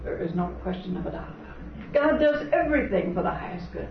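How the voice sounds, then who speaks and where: A high-pitched man preaches with earnest conviction, quoting scripture and telling parables. The recording is muffled and dull, like an old tape. He sounds distant in a reverberant room. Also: very animated, fast talker, gravelly, noisy background. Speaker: spiritual teacher. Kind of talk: sermon with parables.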